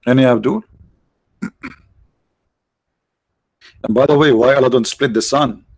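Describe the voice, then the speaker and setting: A man hosting a live stream with mocking, sarcastic commentary and rhetorical questions, his voice tired, clearing his throat now and then. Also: medium pitch, a little slow, darkish tone, dry recording. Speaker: online show host.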